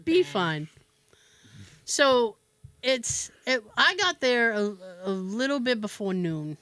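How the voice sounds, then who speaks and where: Animated, laughing woman telling stories. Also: on the high side, slow pace, no room sound. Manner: animated, laughing, profane, with fillers. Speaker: podcast host. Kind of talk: casual storytelling.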